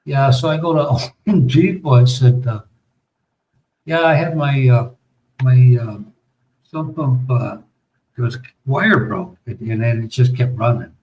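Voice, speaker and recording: In a low-quality recording with slight background noise, an American man with a darkish, medium-pitched voice speaks at a measured pace with long pauses. As a podcast host he tells a long, rambling story casually, swearing a lot and full of fillers and restarts.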